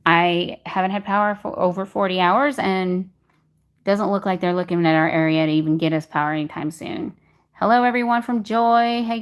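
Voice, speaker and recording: Chatty woman hosting a livestream. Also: on the low side. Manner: chatty, greets viewers by name, reads comments aloud. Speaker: livestream host reading chat. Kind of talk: casual livestream chat. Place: home in Texas during a power outage.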